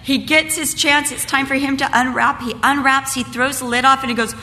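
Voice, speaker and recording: In a reverberant hall with faint background noise, an older woman delivers a storytelling sermon at a women's Christmas gathering. Her voice sits high and moves briskly as she animates a family tale with the voices of relatives before turning to earnest preaching.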